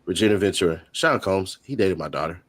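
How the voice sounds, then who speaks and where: A man hosting a stream, reading courtroom testimony aloud with quick joking asides. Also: sits low, expressive. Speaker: host. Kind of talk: reading court transcript updates.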